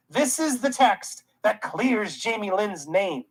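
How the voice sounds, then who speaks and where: Fields: Role: ranting commentary host. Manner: indignant, sarcastic. Pitch: middle. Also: animated, slow pace, breathy edge, rough recording. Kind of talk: reaction commentary.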